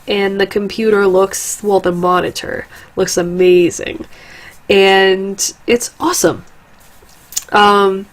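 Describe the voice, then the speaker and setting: A young woman with a stuffy, congested nose, chatting casually and rambling in a gaming vlog, swearing now and then. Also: mid-range voice. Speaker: gaming vlogger. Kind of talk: casual chat.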